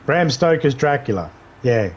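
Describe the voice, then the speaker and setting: A man's voice: mid-range voice, big pitch swings, normal speed, husky. A man streaming a video game live, riffing in crude, rambling banter and laughing at his own jokes.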